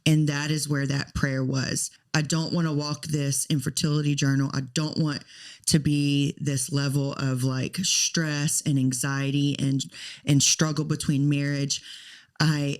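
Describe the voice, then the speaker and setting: A woman's voice: low voice, flat delivery, unhurried, a little mellow. A woman in her thirties co-hosting a podcast, telling a personal story in an earnest, talkative way. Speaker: podcast co-host.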